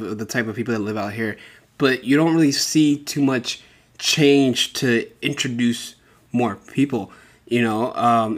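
A man's voice: mid-range voice, fairly bright tone. Man musing in a casual chat. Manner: thoughtful, with repeated fillers. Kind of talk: casual conversation.

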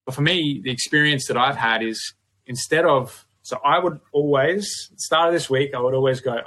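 A man's voice: mid-range voice, fairly quick, a bit bright. Reflective Australian man, rambling. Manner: rambling, reflective, many restarts. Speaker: podcast guest, gym owner. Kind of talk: casual conversation.

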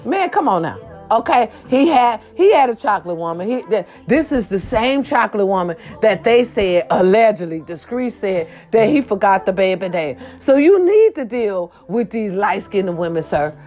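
A woman runs a gossip chat, sassy and animated, leaning on her catchphrases. Her throat is sore. The recording sounds slightly dull and lo-fi. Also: medium pitch, normal speed. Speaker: gossip vlog host. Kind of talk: casual celebrity gossip chat.

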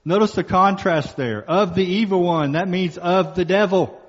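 A male pastor preaching a sermon, emphatic, slowing down and repeating key phrases for stress. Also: high-pitched. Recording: muffled sound with long reverb in a hall.

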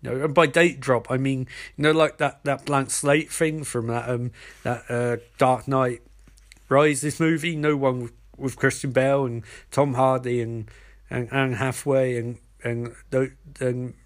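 A man's voice: mid-range voice, fairly even intonation, a little slow. A man giving a rambling, jokey recap of a TV episode, correcting himself as he goes. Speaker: show recapper. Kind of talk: casual comic recap.

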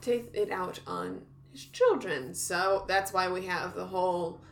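A woman's voice: on the low side, unhurried, vocal fry. A woman in casual chat, laughing often and restarting her sentences as she talks. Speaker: podcast co-host.

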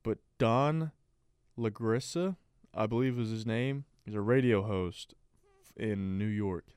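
A man's voice: fairly low pitch, measured pace, a little mellow, clean tone, no echo, clean studio sound. A man co-hosting a sports podcast in casual chat, rambling with lots of fillers. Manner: rambling, filler-heavy, laughs easily. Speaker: podcast co-host.

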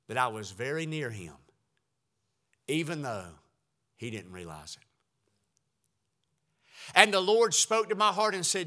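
A middle-aged pastor preaching at an unhurried pace, letting his voice rise and sink to near quiet. His tone is very bright and ringing, sitting a little high for a man. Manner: slow, swelling preaching with hushed drops. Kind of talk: sermon.

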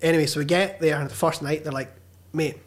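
A man's voice: on the high side, steady tone, quick pace. A young Scottish man, a filmmaker on a podcast, telling a story animatedly and swearing freely as he acts out the quotes. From Scotland. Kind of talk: casual storytelling chat.

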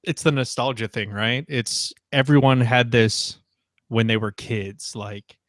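Man, 30s, mid-pitched podcast co-host, rambling and filler-heavy, dry close sound. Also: fairly even intonation, unhurried, fairly bright tone, dry recording. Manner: rambling, lots of fillers and likes. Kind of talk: casual chat.

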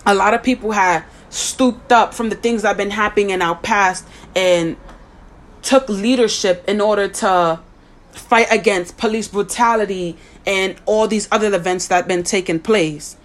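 A woman's voice: medium pitch, moderate pace. A young woman giving a personal talk, earnest and thinking aloud, often restarting her sentences. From United States. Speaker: speaker sharing a personal view.

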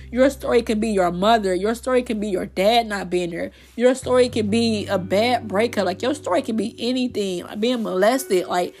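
A tearful young woman speaks from the heart in an earnest, repetitive prayer, calling out to God and Lord line after line. Faint music plays softly behind her. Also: medium pitch. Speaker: faith vlogger. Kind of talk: personal testimony and spoken prayer.

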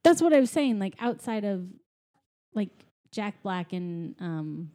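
A woman's voice: medium pitch, sing-song, measured pace, mellow. A woman casually recapping a movie in chat, retelling scenes with playful character voices.

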